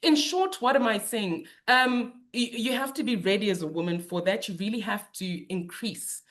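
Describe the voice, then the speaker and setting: Woman, middle-aged, lawyer-politician, webinar testimony, animated, emotional, lots of fillers. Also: mid-range voice, moderate pace. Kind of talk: candid personal testimony in a webinar talk.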